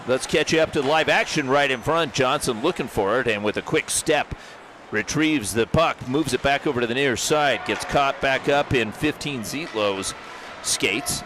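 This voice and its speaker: A man doing live play-by-play of an amateur hockey game, brisk and jokey, rising to shouts on big plays. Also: medium pitch. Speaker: play-by-play commentator. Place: hockey arena broadcast booth. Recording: rink commentary with loud crowd and arena noise.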